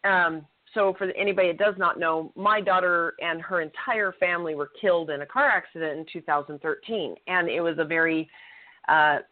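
A middle-aged woman co-hosting a talk show, telling a personal story in an earnest, blunt way and swearing freely. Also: medium pitch. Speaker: co-host. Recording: tinny phone-line audio.

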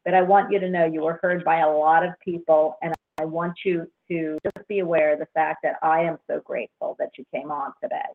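A woman's voice: low voice, fairly even intonation, fairly quick, few pauses. A woman hosting a call-in show, effusive and exclamatory, laughing often as she chats. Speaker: radio show host. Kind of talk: casual call-in chat. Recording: tinny phone-line sound.

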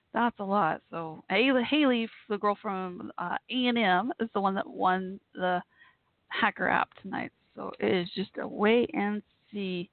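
A woman's voice: medium pitch, gravelly, no room sound. A woman hosting a live call-in show, chatting in a rambling, friendly way with lots of fillers and restarts. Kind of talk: casual live chat show. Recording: tinny phone-line sound, dry.

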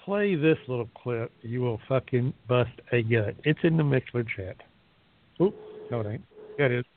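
A man calling in to the show, talking in a rough, coarse, joking way. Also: medium pitch, lively intonation, normal speed. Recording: phone-like dry line.

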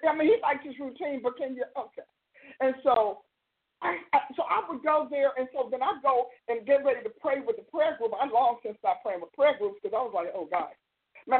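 A woman host preaching in a loose, conversational way, driving her points home by repeating phrases. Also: high-pitched. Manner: emphatic, repeats phrases for stress. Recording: tinny phone-line sound.

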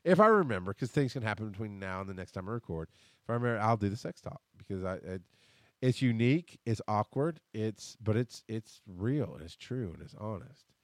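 A man in his thirties hosts a podcast on headphones and a desk mic, with clean studio sound and no echo. His lowish voice is expressive and brisk as he rambles bluntly through a casual personal monologue, swearing freely.

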